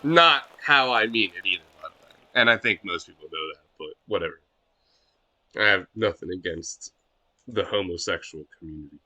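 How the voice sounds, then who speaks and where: A man's voice: low voice, expressive, moderate pace, bright, forceful tone. A man streaming a video game live, ranting casually and swearing a lot in a scornful tone.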